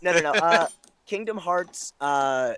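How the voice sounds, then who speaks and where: A man's voice: on the high side, lively intonation, a little slow, a bit bright, smooth. A man guesting as a voice actor, telling a casual, rambling anecdote with lots of fillers and self-deprecating asides. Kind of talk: casual storytelling interview.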